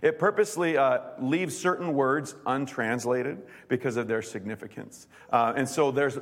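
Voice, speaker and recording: A man preaching a sermon as pastor, reading scripture and growing animated, rising to near-shouts on key words. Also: medium pitch. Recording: long hall reverb.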